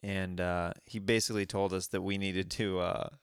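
A man's voice: deep voice, moderate pace, clean tone, dry recording, clean studio sound. A man co-hosting a podcast and telling stories in casual chat, with lots of fillers and laughter. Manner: laughing, animated storytelling with many fillers. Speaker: podcast co-host.

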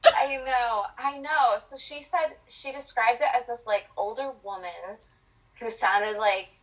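A woman co-hosting a podcast in casual chat, reacting with quick exclamations and questions. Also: fairly high pitch, far from the mic, slight background noise, low-quality recording. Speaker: podcast co-host.

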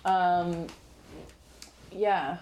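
A woman's voice: on the low side, steady tone, extremely slow, a little mellow, slight background noise, poor audio. A woman in casual, crude chat, giggly and curious, full of likes and ums.

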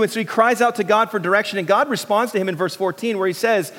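A middle-aged pastor preaching a sermon in a relaxed, joking way, with many restarts and fillers. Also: male voice, high voice, quick pace, long reverb tail.

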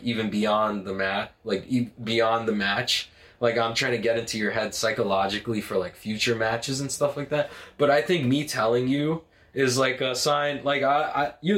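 A man who competes in jiu-jitsu, telling a story in a casual, animated monologue. He swears a lot, leans heavily on "like", and is recorded on a phone. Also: medium pitch. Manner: animated, profane, heavy use of "like".

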